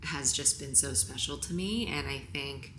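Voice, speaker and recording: A low-pitched woman speaks to camera in a roomy, echoing space with steady background noise. She is tearful and halting, her voice sometimes sinking to a whisper. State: crying. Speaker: vlogger. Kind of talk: emotional on-camera talk.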